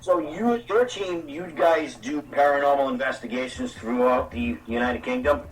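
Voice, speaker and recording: A man with a Boston accent hosting a casual radio talk show, relaxed and joking. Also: fairly high pitch, normal speed, recorded from a distance, poor audio. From Salem, Massachusetts.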